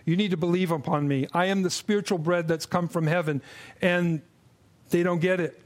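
A man's voice: steady tone, normal speed. A man preaching an earnest expository sermon, often restarting and repeating words as he teaches from a passage. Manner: drops low and quiet when mimicking grumbling.

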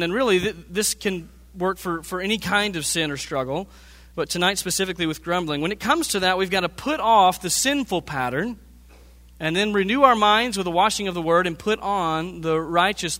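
A man's voice: sits high, pushed and bright. A man preaching a sermon as pastor, teaching earnestly and asking his listeners rhetorical questions. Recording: long hall reverb.

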